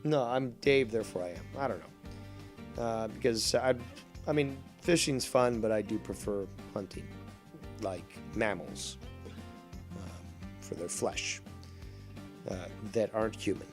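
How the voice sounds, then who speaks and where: A man's voice: fairly low pitch, unhurried, pauses often, faint music behind. A man chatting casually on a live stream while playing a fishing game, rambling, sarcastic and profane.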